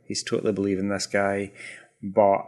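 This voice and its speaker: Male podcast co-host, lowish voice, wry and chatty, easy laugh. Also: completely flat delivery, moderate pace, a little mellow. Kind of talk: casual chat.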